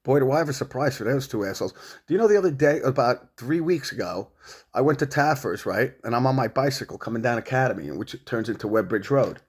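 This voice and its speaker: A man's voice: mid-range voice, lively intonation, quick pace, darkish tone, breathy edge. A middle-aged man rambling at home, swearing and confronting an absent rival in a long monologue. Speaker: vlogger.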